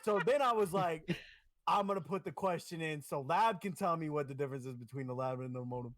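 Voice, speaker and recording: Rambling man telling a story, higher voice. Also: a little fast, no echo. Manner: rambling and self-mocking, animated when quoting. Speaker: podcast co-host. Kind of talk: casual chat, rambling storytelling.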